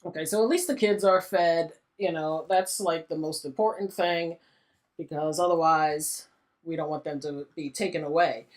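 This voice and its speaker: A woman's voice: low voice, steady tone, moderate pace. Chatty exasperated woman narrating gameplay. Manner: chatty, exasperated, often laughing. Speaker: gaming channel host. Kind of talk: casual let's-play commentary.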